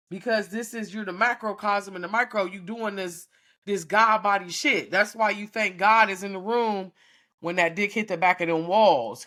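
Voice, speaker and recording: A woman's voice: lowish voice, fairly bright tone. A woman hosting a podcast, talking frankly and profanely to her listeners in a casual preachy monologue, often checking in with them. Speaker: podcast host teaching a class.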